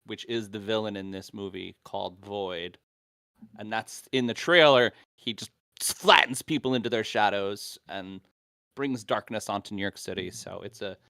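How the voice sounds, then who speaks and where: A man's voice: lowish voice, normal speed, vocal fry, sharp tone, smooth, no room sound, clean studio sound. A man co-hosting a casual podcast, eagerly explaining comic-book lore at length. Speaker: podcast co-host. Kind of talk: casual chat.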